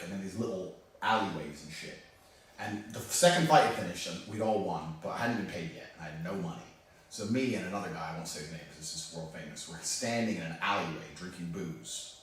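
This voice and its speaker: A man telling a story in casual chat, animated, laughing often and swearing freely. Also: low voice, slight background noise. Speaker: storyteller on a podcast. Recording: echoey room from far off.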